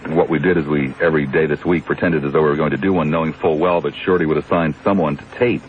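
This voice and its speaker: A man's voice: rumbling low, fairly even intonation, fast. A man hosting a call-in radio talk show, wry and rambling, teasing callers and his studio audience. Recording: dull AM radio broadcast with faint hiss.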